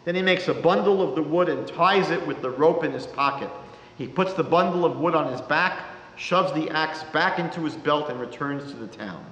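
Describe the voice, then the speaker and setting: A man, a rabbi giving a lecture, telling a story in a measured, dramatic way. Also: a little high, a bit bright, a little hiss or hum. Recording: reverberant lecture hall.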